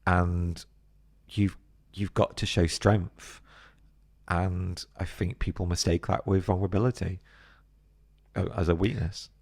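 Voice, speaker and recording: A middle-aged British man talking as a podcast guest, telling stories in a casual, animated way and acting out other people's voices. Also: deep voice, measured pace, pauses often, husky, dry recording. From Britain. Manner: animated, acts out voices of others mid-story. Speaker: podcast guest, business co-founder. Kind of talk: casual interview chat.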